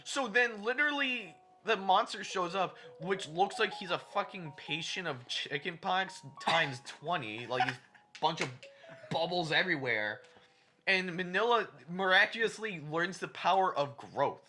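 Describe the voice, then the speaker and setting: A man's voice: high-pitched, expressive, measured pace. A man co-hosting a podcast in casual chat, recapping a movie in a profane, ranting way. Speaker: podcast co-host.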